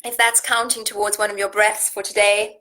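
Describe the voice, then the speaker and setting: A woman with a slightly husky voice leads a live online session from home. She counts breaths slowly and calmly, then chats easily with her viewers. Her pitch sits in an ordinary middle range for a woman. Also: low-quality recording. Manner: calm, slow counting, then chatty and warm with viewers. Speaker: nutrition coach hosting a live challenge. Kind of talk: live-streamed coaching chat with guided breathing. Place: indoors at home, seated on a pillow.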